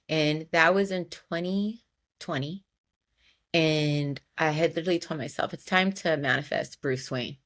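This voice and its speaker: A woman's voice: on the low side, moderate pace, a bit bright. A woman hosting a personal podcast, telling a candid story in a chatty way full of "like" and "you know". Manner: candid and emotional. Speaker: podcast host.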